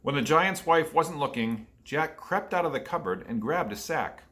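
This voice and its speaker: Bright-voiced man reading to children. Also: fairly high pitch, expressive, normal speed. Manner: asks children questions. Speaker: storyteller for children. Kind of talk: reading a picture book aloud.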